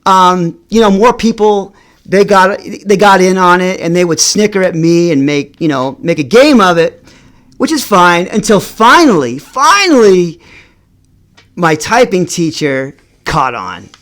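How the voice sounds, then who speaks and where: A middle-aged man telling a personal story on his vlog, halting and repeating words as he goes. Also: high-pitched, expressive, fairly bright tone. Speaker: vlogger.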